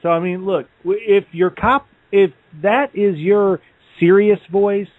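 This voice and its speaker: A man's voice: high-pitched, fairly even intonation, unhurried, no room sound. A man co-hosting a casual podcast chat, laid-back and hesitant with fillers. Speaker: podcast co-host. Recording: dry, phone-like audio.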